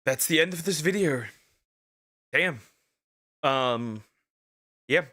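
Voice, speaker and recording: Guy vtuber yapping through a react stream, bright sharp tone, keeps restarting his sentences, blunt and outspoken. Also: a little high, expressive. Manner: rambling and halting, many fillers and restarts; outspoken, ranting. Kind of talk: casual react commentary.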